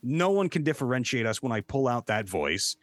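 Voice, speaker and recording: A man's voice: medium pitch, a little fast, no room sound, faint music behind. A man, a voice actor guest on a podcast, telling stories in a casual, profane, rambling way. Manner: profane, rambling, animated storyteller.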